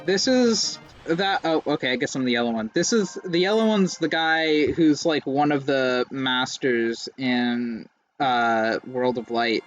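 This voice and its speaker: A man's voice: medium pitch, measured pace, highs cut off, soft background music. A young man giving casual, rambling, self-mocking commentary while playing a racing game. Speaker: let's play streamer.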